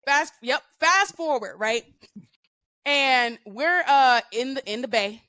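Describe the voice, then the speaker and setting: A woman guest on a podcast, telling stories in a casual, profane and animated way with lots of slang. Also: sits high, takes it slowly, clean tone, no room sound. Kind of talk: casual storytelling.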